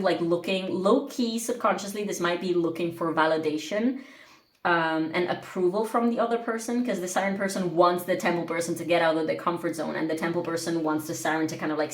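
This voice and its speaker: With a lowish voice in an echoey room, a woman gives a casual tarot reading to camera. She is chatty and rambling, saying "like" constantly, and the sound comes from the camera mic.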